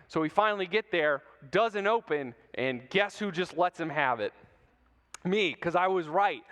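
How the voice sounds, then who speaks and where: A man's voice: a little high, expressive, a little slow, fairly bright tone. A man giving a playful talk to middle schoolers, telling stories and asking the audience questions. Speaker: youth speaker. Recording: long hall reverb.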